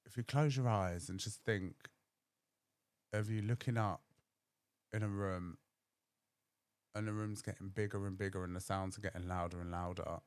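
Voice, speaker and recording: A man's voice: low-pitched, fairly even intonation, moderate pace, pauses often, smooth, no room sound. A young man, telling a candid personal story on his podcast and acting out other people's voices. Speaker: podcast host.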